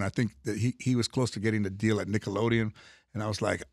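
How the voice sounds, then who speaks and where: An older man, a comedian guest, telling stories in a casual chat, going from quiet asides to punchy lines. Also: fairly low pitch, fast, gravelly, no echo, clean studio sound. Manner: animated storyteller, drops to quiet asides then punches up. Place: radio studio.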